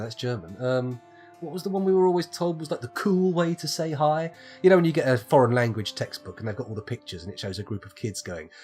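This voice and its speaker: Male UK game streamer, rambling and chatty, very animated pitch, soft guitar bed. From United Kingdom. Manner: rambling, self-mocking, chatty with viewers. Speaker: live streamer. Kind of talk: live gameplay commentary.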